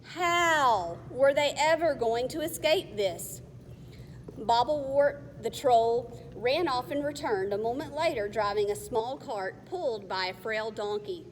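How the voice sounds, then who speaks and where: Woman reading a kids book, slow n careful, faint hiss, longish echo. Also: on the high side, lively intonation. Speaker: narrator. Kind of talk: reading a children's novel aloud. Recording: faint long reverb, faint hiss.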